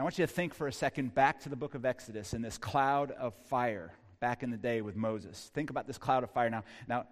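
A man preaching a sermon as pastor, emphatic, repeating key lines and calling the congregation to respond. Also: mid-range voice. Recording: long hall reverb.

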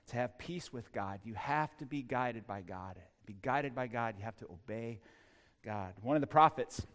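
A man preaching a sermon as pastor, emphatic, repeating key lines and calling the congregation to respond. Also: mid-range voice. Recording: long hall reverb.

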